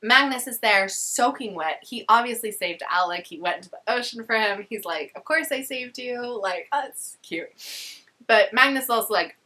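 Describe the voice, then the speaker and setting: Chatty young woman, bright voice. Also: fairly high pitch, animated, normal speed. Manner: chatty, sarcastic, slangy asides. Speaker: book vlogger. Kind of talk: casual book summary.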